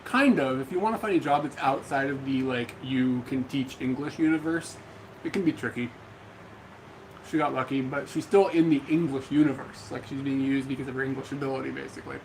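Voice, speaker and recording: Laid-back American man co-host, reads chat questions, mid-pitch, faint noise at home. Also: brisk, poor audio. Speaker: livestream co-host. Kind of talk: casual livestream chat. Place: home room.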